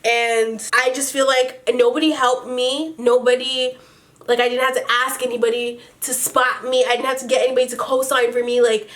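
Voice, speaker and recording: A woman's voice: sits high, level tone, normal speed, fairly bright tone. A young woman vlogging casually to camera, gushing and rambling with lots of fillers, swearing freely and sounding tired. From Canada. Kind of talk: casual storytime chat to camera.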